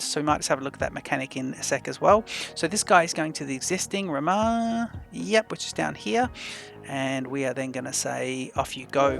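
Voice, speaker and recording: A man hosting a let's play, thinking aloud in a chatty, unhurried way as he plans his moves. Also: a little high, creaky, pushed and bright. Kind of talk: casual gameplay commentary.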